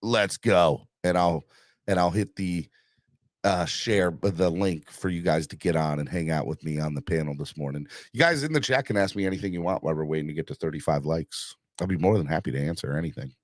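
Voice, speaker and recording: Low-voiced hyped man hosting a livestream. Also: fairly quick, dry recording, studio quality. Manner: hyped, pushes viewers for likes and donations; rambling with many fillers. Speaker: livestream host. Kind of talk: casual live-stream sports chat.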